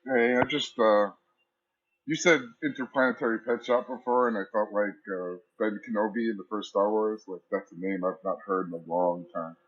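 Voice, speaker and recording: A man with a somewhat low voice talks in casual voice chat. He sounds enthusiastic and rambling as he praises a friend. The audio is dull and lo-fi. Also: fairly even intonation, moderate pace, slightly rough. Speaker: community member.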